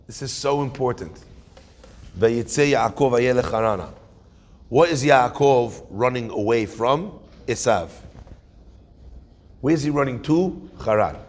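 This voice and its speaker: A man's voice: medium pitch, slow pace, creaky, pauses often. A man giving a conversational sermon as a rabbi, asking his listeners questions. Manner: conversational, animated, asks the audience questions. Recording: hall reverb.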